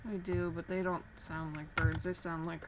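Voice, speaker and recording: A woman streaming casually while drawing, chatting and laughing often, getting animated when she tells a story. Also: fairly low pitch, moderate pace, very noisy.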